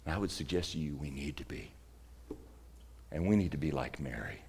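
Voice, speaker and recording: A man preaching a sermon, retelling a story with dramatic swings between loud emphasis and hushed near-whispers. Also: very deep voice, animated, fairly quick, creaky, husky. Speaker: pastor.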